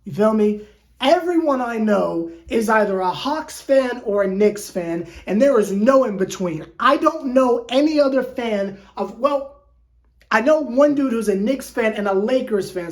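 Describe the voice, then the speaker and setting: A woman hosting a sports fan channel, venting in an animated, exasperated way with lots of stumbling repeats. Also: fairly high pitch. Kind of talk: casual fan rant to camera.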